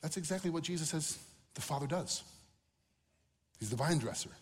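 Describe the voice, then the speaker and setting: A man's voice: on the high side, lively intonation, normal speed. Man preaching in a reverberant hall. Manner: conversational, acts out quotes with humor. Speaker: pastor. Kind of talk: sermon.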